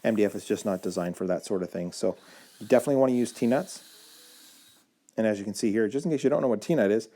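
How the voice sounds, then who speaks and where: A man casually narrating his own build video as a voice-over, explaining each step in a relaxed way, with fillers and self-corrections. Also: fairly low pitch, fast talker. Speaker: woodworking video maker.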